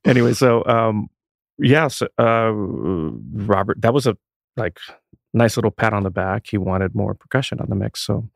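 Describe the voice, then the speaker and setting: Give me a deep-voiced man as a podcast guest, telling an animated story and voicing the people in it, with a dry close mic. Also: moderate pace, gravelly, dry recording. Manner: animated, acts out quoted people, swears casually. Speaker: guest musician, percussionist. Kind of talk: casual storytelling.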